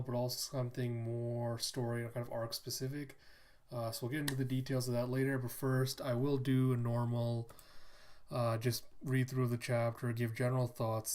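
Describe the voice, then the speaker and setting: A man hosting a manga chapter review, talking in an unhurried, soft-spoken way with many fillers. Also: medium pitch. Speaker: host.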